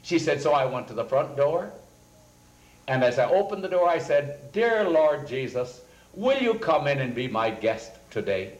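A man's voice: medium pitch, very animated, moderate pace, lo-fi sound. A man speaking as a pastor, telling earnest anecdotes and quoting people as he goes. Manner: earnest anecdotal storytelling, quotes people in a raised voice. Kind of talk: storytelling sermon talk. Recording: roomy echoing recording.

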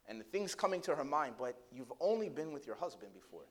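A male pastor delivers a sermon, starting with a story told in a low, hushed voice before building into loud, impassioned preaching full of rhetorical questions aimed at the congregation. He's very animated and quick, with few pauses.

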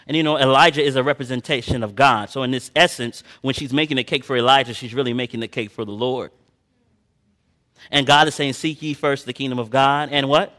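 A man preaching a sermon, moving between quiet personal storytelling and loud impassioned passages, reading scripture in old-fashioned phrasing. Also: mid-range voice, normal speed.

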